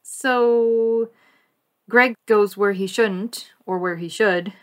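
A woman's voice: medium pitch, very slow. A woman co-hosting a podcast, chatting casually and animatedly about a cartoon with frequent laughs. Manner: animated, laughs often, conversational. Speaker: podcast co-host.

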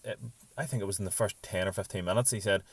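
Measured man with a lowish voice. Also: slightly rough, no room sound. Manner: measured, asks thoughtful questions. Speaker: podcast co-host. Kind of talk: casual football chat.

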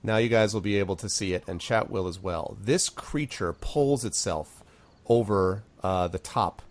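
A man's voice: lowish voice, normal speed. A man running a tabletop game on a stream, narrating scenes with plenty of fillers and restarts. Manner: rambling, filler-heavy narration. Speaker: game master.

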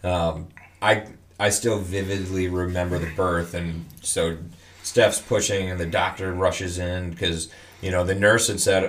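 A man's voice: deep voice, level tone, unhurried. A man, a new father, chatting casually and telling stories animatedly, swearing now and then. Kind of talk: casual chat, storytelling.

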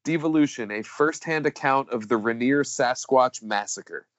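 A man's voice: mid-range voice, moderate pace, a bit bright, no echo. Rambling, jokey podcast co-host man. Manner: rambling, filler-heavy, jokey. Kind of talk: casual chat. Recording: dull lo-fi dry sound.

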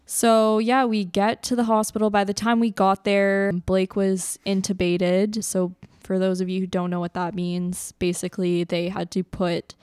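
A woman's voice: mid-range voice, flat delivery, measured pace, hardly any pauses, darkish tone, smooth, dry recording, clean studio sound. A young woman from Canada co-hosting a podcast, telling a personal story in a chatty way, with many fillers and laughs between lines. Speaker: podcast co-host. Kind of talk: casual storytelling.

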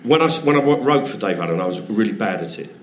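Middle-aged male comic guest, animated storyteller, lively pitch, roomy live sound. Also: quick pace, a little hiss or hum. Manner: animated, swearing storyteller with restarts. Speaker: comedian guest. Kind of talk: casual chat with anecdotes.

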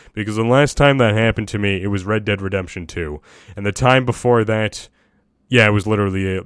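A man's voice: fairly low pitch, clear, resonant tone, dry recording, studio quality. A man talking casually and at length about video games, swearing often and mocking himself. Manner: profane, self-deprecating, excitable. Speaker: gaming vlogger. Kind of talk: casual rambling monologue.

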